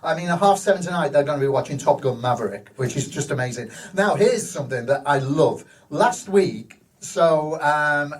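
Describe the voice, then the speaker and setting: A man's voice: a little high, expressive, moderate pace, hardly any pauses, distant mic, rough recording. A man, a hospital cinema manager telling rambling, enthusiastic stories in a live stage interview. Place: live show venue.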